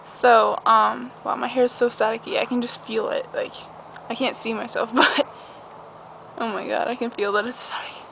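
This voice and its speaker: A woman's voice: on the high side, level tone, normal speed, vocal fry. A young woman chatting casually in a vlog from a backyard trampoline, rambling and giggly, with a dog barking nearby. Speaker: vlogger. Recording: noisy outdoor camcorder audio. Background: outdoor ambience with a dog barking.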